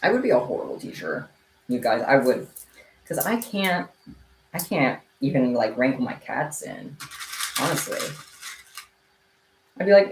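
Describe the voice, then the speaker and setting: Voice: mid-range voice, big pitch swings, a little slow, long pauses, noisy background. A livestream host chatting casually with viewers, playful and teasing, laughing often. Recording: echoey room.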